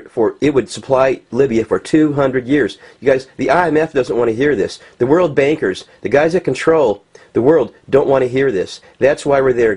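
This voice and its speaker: A man's voice: medium pitch, a little mellow, breathy edge. A man from the United States ranting in unscripted commentary, agitated, with many restarts and fillers. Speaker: vlogger. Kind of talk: unscripted commentary over pictures.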